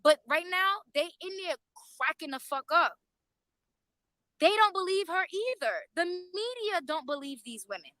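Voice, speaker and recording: A woman chatting live to her viewers on a phone, high-pitched and loud, with plenty of swearing. Her voice is bright and sharp, and the sound is close and dry with no room echo. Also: normal speed. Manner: animated, profane, talks straight to viewers. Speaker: YouTube livestreamer. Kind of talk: casual live-stream commentary. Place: outside a courthouse overflow room.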